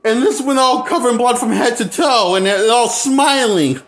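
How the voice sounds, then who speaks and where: A man giving a casual movie review, incredulous and animated, often repeating himself and laughing nervously. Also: extremely high pitch. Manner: repeats himself, halting restarts. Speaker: movie critic.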